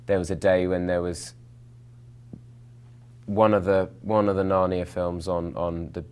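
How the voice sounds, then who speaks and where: A young actor with a notably low voice, chatting through interview questions. He rambles, restarts his sentences and pokes fun at himself, with plenty of fillers along the way. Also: flat delivery, unhurried, a little mellow, clear, resonant tone. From England, London. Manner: rambling, self-mocking, many fillers and restarts. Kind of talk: casual interview answers.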